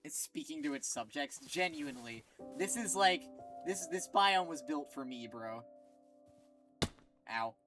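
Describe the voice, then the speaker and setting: A woman streaming a game, reacting in an excitable, foul-mouthed way and laughing often. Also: low-pitched, a little slow. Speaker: gaming streamer. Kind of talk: casual let's-play commentary. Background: game music.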